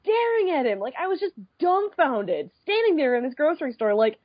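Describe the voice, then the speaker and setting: Young woman podcast co-host, higher voice, dry lo-fi sound, swears through an animated story. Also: a little fast, no echo. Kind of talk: casual chat. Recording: dull lo-fi podcast audio.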